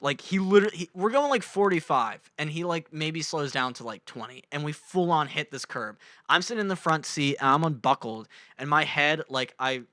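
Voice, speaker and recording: A man's voice: on the high side, moderate pace, pushed and bright, no echo. A young man co-hosting a podcast, telling a rambling story in casual chat, swearing and acting out the voices of the people in it. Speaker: podcast co-host.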